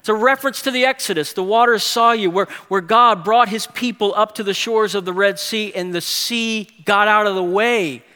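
A man preaching a sermon, moving from hushed, slow phrases to quick, emphatic bursts. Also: sits high, clean tone. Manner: animated preaching with big swings from hushed to emphatic. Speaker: pastor. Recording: long hall reverb.

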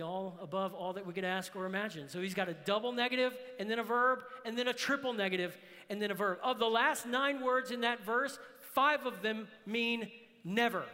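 A man preaching a sermon as pastor, emphatic, rising to shouts on key phrases. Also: high-pitched. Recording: long hall reverb.

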